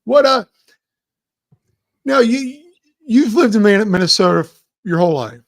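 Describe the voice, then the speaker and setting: Chatty podcast host with a gravelly voice. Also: male voice, high-pitched, lively intonation. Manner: chatty, jokey, quick questions. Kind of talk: casual chat.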